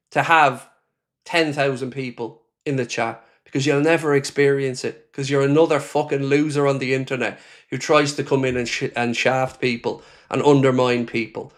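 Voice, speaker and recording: On his live football fan reaction stream, an Irish host swears, rants in anger, and reads viewer comments out loud. He has a mid-range voice, a steady tone, and a normal pace.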